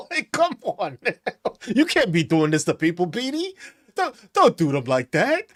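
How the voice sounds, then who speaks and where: Male podcast host, mocking and crude, high voice that swings a lot. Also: huge pitch swings, measured pace. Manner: mocking, profane, laughing between taunts. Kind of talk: ranting commentary reacting to comments.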